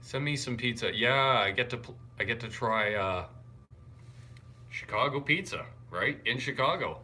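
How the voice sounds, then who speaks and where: A young man chatting casually on a live stream. He greets viewers and reads their comments out loud, and he sounds wired and tired. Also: medium pitch, animated, moderate pace. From Canada. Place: hotel room.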